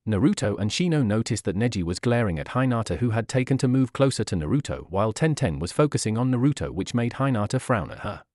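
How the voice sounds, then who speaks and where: A man narrating a fan fiction story in a steady storytelling manner. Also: mid-range voice, quick pace, few pauses, no echo, clean studio sound.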